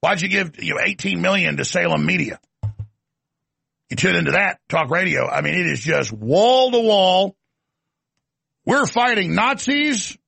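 A man's voice: high-pitched, creaky, bright, forceful tone, husky, no echo. A man hosting a political talk show, delivering an emphatic, ranting monologue with sardonic asides.

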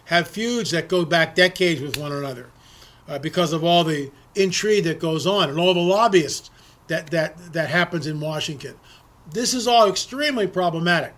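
Guy ranting politics to his folks, high voice, keeps repeating himself. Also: fairly bright tone. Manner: emphatic, repeats words and restarts often. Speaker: political commentator. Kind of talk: opinionated political monologue.

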